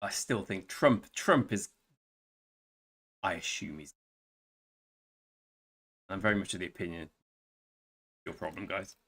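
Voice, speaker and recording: Deep, husky and fairly bright, this English man's voice moves at a measured pace with plenty of pauses. He's casually chatting on a live strategy-game stream, wryly rambling as he replies to viewers by name.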